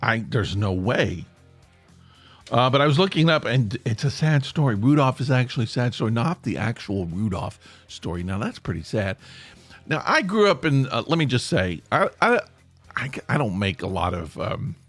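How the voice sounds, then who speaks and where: A man's voice: medium pitch, big pitch swings, normal speed, a bit bright, dry recording, faint music behind. A man in his sixties hosting a podcast, rambling through a casual monologue with self-mocking jokes. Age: 60s. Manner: self-mocking, jokey, meandering. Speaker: podcast host.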